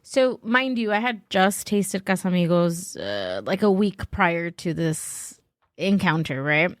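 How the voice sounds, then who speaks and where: A woman's voice: takes it slowly, no room sound, clean studio sound. A woman guest on a podcast, telling a story in casual chat, full of fillers and acted-out quotes. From Los Angeles. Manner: animated, acts out quotes in a higher voice, many "like" fillers.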